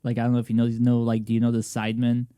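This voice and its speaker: Young guy rambling on a podcast, lots of restarts, mellow voice, dry mic. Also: medium pitch, completely flat delivery, racing, smooth, dry recording. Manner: rambling, many restarts and fillers. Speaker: podcast co-host. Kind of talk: casual chat.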